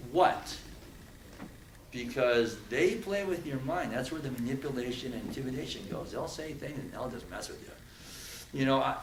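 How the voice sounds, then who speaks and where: A man giving an animated talk to a live audience, telling prison stories and acting out threats. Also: mid-range voice, echoey room, distant mic, a little hiss or hum, low-quality recording. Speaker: speaker. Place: event room with audience.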